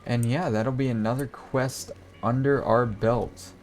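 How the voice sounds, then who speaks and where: A man's voice: medium pitch, steady tone, measured pace, slight background noise. A man commentating a video game playthrough casually, with crude jokes and swearing. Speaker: gaming host. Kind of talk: let's play commentary.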